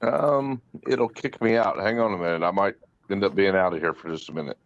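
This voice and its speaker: A man's voice: low-pitched, brisk, no echo, muffled recording. A man joining a casual live-stream chat, blunt and scornful.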